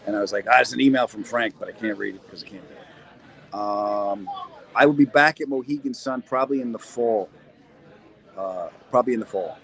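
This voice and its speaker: A middle-aged comedian and actor does a casual live-stream from a corner of a cold indoor cellar, joking, rambling and answering viewer questions. His lowish voice is creaky, a bit bright and a little fast, and the audio quality is poor.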